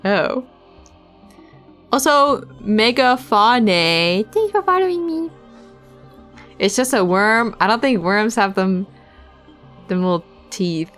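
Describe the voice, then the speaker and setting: A woman's voice: medium pitch, big pitch swings, takes it slowly, pauses often, a bit bright, faint music behind. A young woman streamer reading visual novel narration aloud, breaking off into giggly casual asides to chat.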